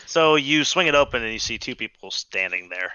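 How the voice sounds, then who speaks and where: A male game master narrates a tabletop scene in a loose, halting way, often restarting his sentences. His voice is very bright and sharp. It is recorded dry, with a slightly dull, lo-fi quality. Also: medium pitch, animated, clean tone, dry recording.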